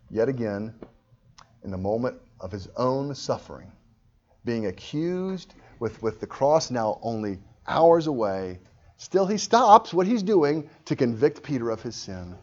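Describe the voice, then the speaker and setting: A man's voice: mid-range voice, animated, moderate pace. Impassioned male preacher, muffled recording. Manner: impassioned preaching with sudden loud swells. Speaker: pastor. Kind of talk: sermon.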